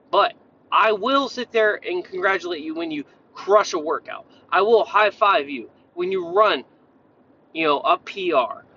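This Tennessee man, a fitness coach with a high, bright, edgy voice, delivers a profane, casual rant, hopping from point to point with blunt language. The audio is slightly muffled and lo-fi, with a little hiss or hum.

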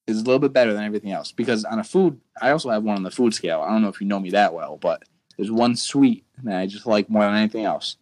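Fast-talking young man ranting. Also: fairly low pitch, a little mellow. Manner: rambling rants with many restarts. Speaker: podcast co-host. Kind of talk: casual chat.

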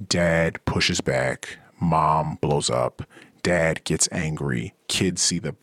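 This podcast host's voice rumbles low and moves slowly, captured in clean studio sound with no echo. He delivers a casual monologue with animation, performing the voices of those he quotes.

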